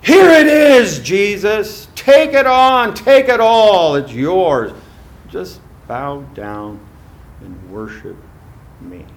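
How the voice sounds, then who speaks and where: A man voicing a scheming male devil who coaxes and mocks, rising loud and high in a sermon. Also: vocal fry, slight background noise, heavily acted. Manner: coaxing, mocking, swelling loud.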